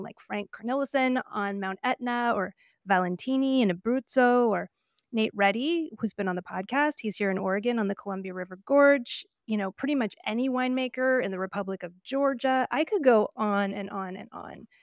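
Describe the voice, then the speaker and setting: A woman's voice: on the high side, no echo, clean studio sound. A woman co-hosting a wine podcast, chatting in an opinionated, casual way with frequent fillers and laughs. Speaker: podcast co-host. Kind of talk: casual chat. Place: living in Oregon.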